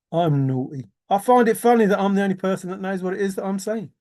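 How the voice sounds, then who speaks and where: A man's voice: high voice, darkish tone. A man rambling in a teasing, giggly solo monologue, often laughing and repeating words. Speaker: treasure-hunt video maker.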